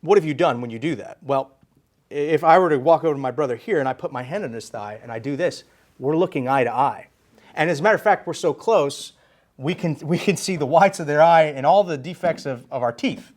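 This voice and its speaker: A man preaching a sermon in a church, animated and emphatic, stressing his key phrases. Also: a little high, brisk. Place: church sanctuary.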